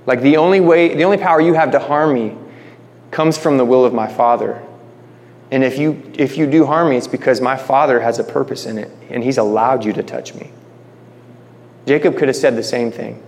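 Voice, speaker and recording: A man gives a relaxed Bible-study sermon at an ordinary pitch, chatty and informal, often restarting his phrases. His voice carries a long reverb tail, as if recorded in a hall. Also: brisk. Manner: informal, restarts phrases, addresses listeners as guys. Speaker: Bible teacher.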